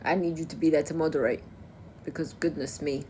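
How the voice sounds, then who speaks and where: A woman's voice: low-pitched, steady tone, brisk, darkish tone, a little hiss or hum. A young woman from Kosovo chatting casually on a livestream, answering her viewers' comments as they come in. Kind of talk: casual live-stream chat.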